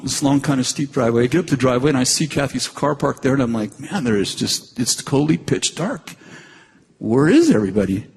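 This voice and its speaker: Man in his 60s, sermon, earnest, halting restarts, echoing church hall, faint noise. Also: mid-range voice. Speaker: pastor. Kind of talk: sermon storytelling. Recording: long reverb, faint noise.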